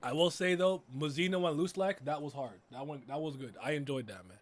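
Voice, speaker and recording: A man giving a casual reaction commentary as a streamer, laughing and swearing with loud frustrated outbursts. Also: fairly high pitch, a little fast. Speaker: streamer reacting to an anime episode.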